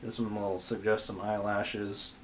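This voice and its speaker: A man's voice: fairly low pitch, little pitch movement, measured pace, slight background noise. A man giving a casual drawing tutorial as he sketches, rambling, muttering asides to himself, self-mocking and swearing now and then. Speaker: art tutor.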